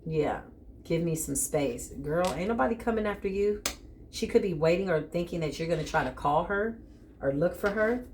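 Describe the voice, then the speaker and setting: Low-voiced woman giving a blunt tarot reading. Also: lively intonation, normal speed, a little hiss or hum. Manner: blunt, emphatic, talks straight to the viewer. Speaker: tarot reader. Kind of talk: spiritual tarot reading to viewers.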